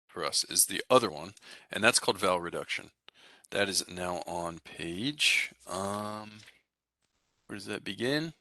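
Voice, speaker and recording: Deep-voiced man teaching a relaxed, bright lecture. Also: no echo. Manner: relaxed, explanatory, frequent "right?" and "okay?" check-ins. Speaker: Russian language teacher. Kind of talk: recorded classroom lecture.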